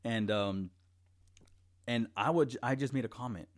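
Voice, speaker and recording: A man's voice: medium pitch, moderate pace. A young man telling a long personal story in casual chat, rambling, with heavy swearing and many restarts.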